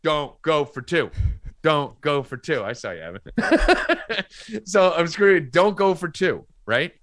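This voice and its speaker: Male sports podcast host, animated and swearing, bright voice, dry close sound. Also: fairly high pitch, a little slow, no room sound. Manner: profane, ranting, animated. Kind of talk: sports betting podcast chat.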